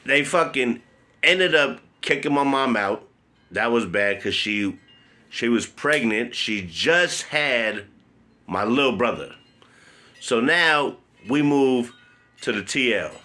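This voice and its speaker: A man telling a personal story in a blunt, profane, animated way. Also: medium pitch, slow pace. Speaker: vlogger.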